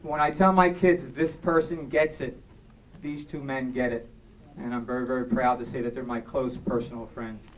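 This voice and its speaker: A man giving an earnest, halting acceptance speech full of thanks at an awards banquet. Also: mid-range voice, fairly even intonation. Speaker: award recipient. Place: banquet hall. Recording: distant mic in a noisy hall.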